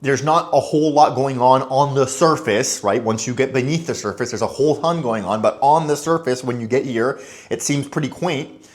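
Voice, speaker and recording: Young man, casual vlog talk, chatty, conversational, mid pitch, acts out quick dialogues. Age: young adult. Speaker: expat vlogger.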